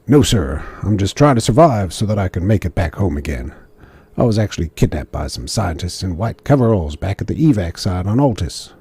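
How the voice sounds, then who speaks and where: A man's voice: low-pitched, big pitch swings, fairly quick, dark tone, slightly rough, no room sound, heavily acted. A man voicing a weary, polite survivor in a video game who earnestly explains how he escaped.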